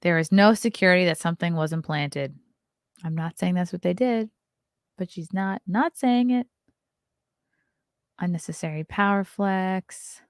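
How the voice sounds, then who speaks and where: A woman's voice: on the low side, a little slow, long pauses, no echo, studio quality. A woman hosting a casual live stream, reading news aloud and adding sarcastic asides to her chat. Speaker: show host.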